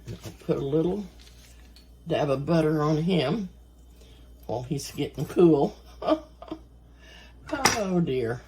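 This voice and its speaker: A woman's voice: low voice, slow pace, pauses often, mellow, slight background noise, poor audio. An older woman, hosting a casual home cooking demonstration in a homey, chatty way and eating as she talks. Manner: homey, chatty, eats while talking. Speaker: cooking channel host.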